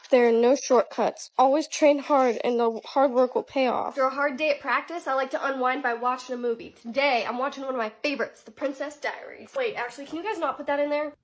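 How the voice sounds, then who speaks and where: A woman's voice: high-pitched, fairly bright tone. A woman playing a cocky teenage boy basketball player, talking in a boastful, casual way.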